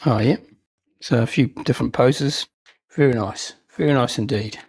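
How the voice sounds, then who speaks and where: A man rambling with cheerful enthusiasm about his latest hobby pieces, his voice slightly breathy and husky. He talks at an ordinary middle pitch, and the recording is dry and close, with no room echo. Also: moderate pace, a little mellow. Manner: chatty, rambling, enthusiastic, self-mocking. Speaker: miniature wargaming channel host. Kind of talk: casual unboxing and hobby chat.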